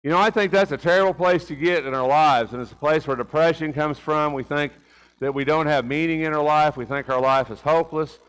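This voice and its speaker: A middle-aged male preacher with a notably high-pitched voice delivers a conversational sermon in a church. His manner is folksy and down to earth, and he leans on rhetorical questions and repeated phrases as he tells a personal story. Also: brisk, fairly bright tone, smooth, rough recording. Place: church sanctuary.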